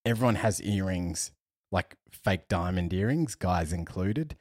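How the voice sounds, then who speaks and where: A young man with a very low, husky voice tells a story on a podcast with lively energy. He laughs often and acts out the other people in the story. The sound is dry and close. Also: unhurried, dry recording. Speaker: podcast co-host. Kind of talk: casual storytelling chat.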